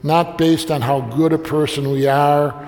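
A man's voice: on the high side, fairly even intonation, unhurried, darkish tone, big-room sound. An older man telling a family story in a sermon, folksy and anecdotal, slipping briefly into the voices of the people in it. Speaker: preacher.

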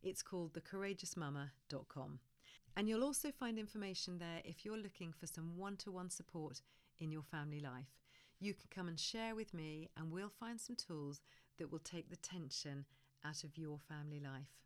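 A woman hosting a parenting podcast, talking in a gentle coaching way and dropping to a soft hush for comforting phrases. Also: fairly low pitch, moderate pace. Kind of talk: solo podcast talk.

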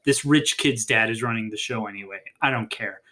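Brief: narrator playing a burned-out middle-aged teacher, flat and dismissive, low and quiet. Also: a little fast. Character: weary jaded middle-aged drama teacher.

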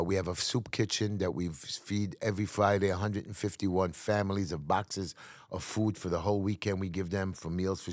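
Male New community activist, interview guest; low-pitched, emphatic storyteller, dry recording. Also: no room sound. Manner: emphatic, acts out quotes, restarts often.

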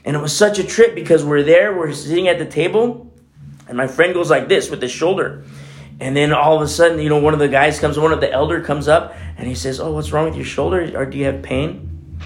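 A man's voice: on the high side, brisk. A man preaching a casual, conversational sermon in church, telling a personal story with many fillers. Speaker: pastor.

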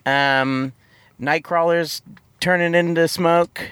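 Brief: male podcast host, slightly higher voice, playful and giggly, dry close sound. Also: fairly even intonation, takes it slowly, fairly bright tone, clean tone, dry recording. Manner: jokey, laughs often, trails off. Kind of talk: casual chat.

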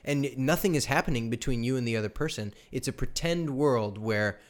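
A young man co-hosting a casual faith talk, animated as he tells stories and acts out quoted exchanges. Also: mid-range voice, brisk. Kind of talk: casual chat. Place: live stream studio.

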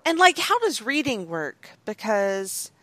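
A woman co-hosting a podcast in casual chat, relaxed and frank, swearing now and then. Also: fairly high pitch, unhurried, very noisy. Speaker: podcast co-host.

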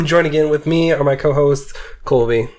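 A man hosting a casual podcast chat, his voice congested and nasal, talking in a chatty, rambling way full of "like" and quick laughs. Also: a little high, darkish tone. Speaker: podcast host.

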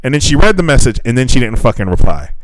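Speaking quickly in a medium-pitched voice, free of echo, a young man on a podcast relates a dating story. He swears without restraint and animates the retelling by quoting what was said.

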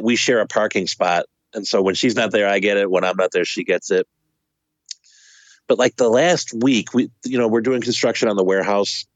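A man's voice: on the low side, no echo, low-quality recording. A man co-hosting a podcast, telling stories casually and animatedly, with swearing and laughter. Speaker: podcast co-host. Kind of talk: casual storytelling chat.

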